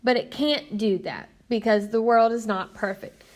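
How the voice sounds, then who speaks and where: A woman's voice: on the high side, steady tone, moderate pace, a little mellow. A young woman, teaching a recorded science lesson in a chatty, upbeat way and speaking straight to her students. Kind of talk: recorded classroom lecture.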